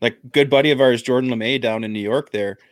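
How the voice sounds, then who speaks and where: Man, from Canada, joking casual talk, average pitch, dry. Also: steady tone, quick pace, no echo. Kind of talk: casual chat.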